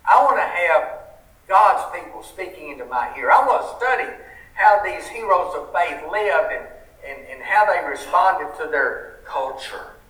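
A man's voice: high-pitched, expressive, unhurried, fairly bright tone. A man with a Southern US accent preaching a sermon, earnest and folksy, asking the congregation rhetorical questions. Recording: roomy sound from a distant mic.

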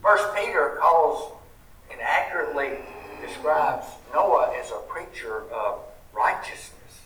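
A man's voice: fairly high pitch, sing-song, slow, fairly bright tone, a little hiss or hum. A man with a Southern US accent preaching a sermon, earnest and folksy, asking the congregation rhetorical questions. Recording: roomy sound from a distant mic.

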